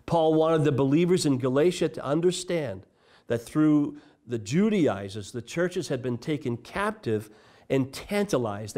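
A man's voice: mid-range voice, darkish tone. A man preaching a sermon as pastor, reading scripture aloud and stressing key phrases with earnest emphasis. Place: church.

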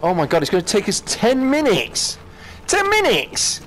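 A British man casually commenting as he plays a VR game, chatting to himself with quick exclamations. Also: high-pitched, sing-song, faint music behind. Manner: chatty, talks to himself while playing, exclamations. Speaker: gaming channel host.

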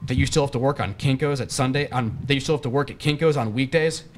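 A man's voice: mid-range voice, quick pace, close to an everyday voice. A man reading aloud, voicing a rambling, self-pleased middle-aged stepfather in a raised voice.

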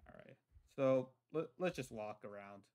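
A man roleplaying lore in casual chat, halting with many fillers and restarts. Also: mid-range voice, animated, warm tone. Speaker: lore roleplayer playing a god figure.

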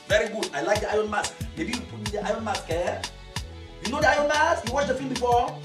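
A woman's voice: a little high, fast, lightly acted. A woman playing a showy club owner who speaks broken English and keeps tagging 'eh?' onto her sentences. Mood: excited. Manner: broken English, repeats 'eh?' and 'you understand'. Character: boastful, showy club owner who makes shady deals. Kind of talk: film drama acting. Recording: echoey room, far mic, loud music.

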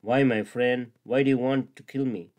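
A man voicing a friendly, quick-witted male monkey, in plain, earnest storybook dialogue. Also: mid-range voice, fairly even intonation, a little mellow, lightly acted. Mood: alarmed.

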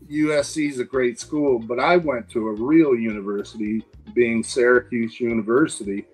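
A man's voice: mid-range voice, rough recording. A man in his sixties, a guest and former wrestler, telling casual anecdotes with lots of fillers. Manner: rambling anecdotes with frequent fillers. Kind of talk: casual storytelling.

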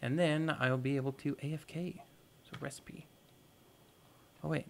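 A man's voice: a little high, fairly even intonation, measured pace, creaky, a little hiss or hum. A man hosting a gaming video, giving casual let's-play commentary and thinking aloud with playful, goofy exclamations.

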